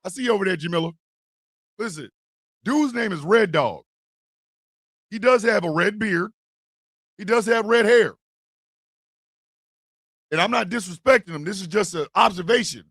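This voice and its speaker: A man hosting a live stream show, telling animated, profane jokes in a casual rant. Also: high voice, normal speed, pauses often, slightly rough, no room sound, studio quality. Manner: animated, joking, profane storytelling. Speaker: host.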